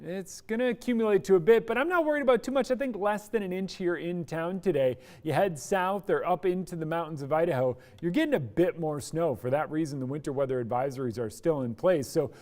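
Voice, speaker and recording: A man's voice: on the high side, a little fast, hardly any pauses, darkish tone. A man presenting a live TV weather forecast in an upbeat, chatty way, explaining weather with everyday comparisons. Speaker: TV meteorologist.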